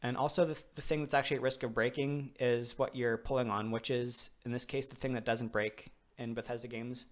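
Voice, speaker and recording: A young man chatting casually over gameplay, his voice mid-pitched and ordinary. He rambles in loose, unplanned sentences and swears casually. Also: steady tone, brisk, hardly any pauses. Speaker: let's play host.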